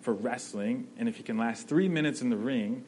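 A man's voice: mid-range voice, moderate pace, a little mellow, a little hiss or hum, rough recording. A man preaching a sermon in a conversational way, often checking in with "right?" and restarting his phrases.

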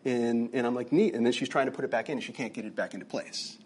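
A man's voice: mid-range voice, fairly even intonation, quick pace, slightly rough. A middle-aged man, a pastor telling a personal story in a conversational sermon, full of fillers and restarts. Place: church meeting room.

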